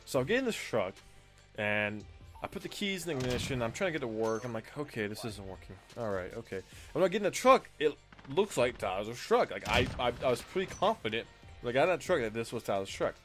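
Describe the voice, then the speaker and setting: A man recounts a personal story in a loose, chatty way, voicing the people in it as he goes. His voice sits at an ordinary middle pitch. Faint music plays underneath. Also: quick pace. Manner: animated retelling, acts out quoted lines, frequent fillers. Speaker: gaming streamer telling a personal story. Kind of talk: casual storytime narration.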